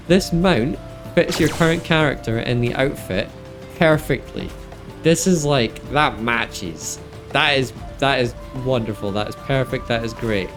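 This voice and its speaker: An upbeat man chats casually while playing a video game on stream, often laughing and poking fun at himself. His voice sits at a middle pitch and comes through a desk microphone. Game music plays clearly behind him. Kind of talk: casual gameplay commentary.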